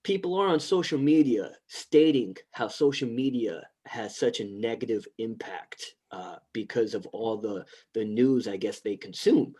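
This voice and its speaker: A male podcast co-host in easy banter with his partner. His voice sits at a middle pitch and he rattles along in fast, animated bursts, the practiced push of a phone salesman. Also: slightly rough. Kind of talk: casual podcast chat.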